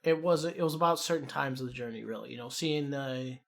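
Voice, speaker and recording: Gravelly and medium-pitched, the speaker moves at a fairly quick clip. He's a young Chicago-accented podcast co-host, telling profane, rambling stories with lots of animation during a laid-back conversation.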